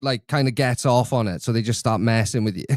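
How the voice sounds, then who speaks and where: A man's voice: medium pitch, moderate pace, darkish tone, no echo, clean studio sound. A man co-hosting a casual live chat, easygoing and laughing along. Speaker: co-host.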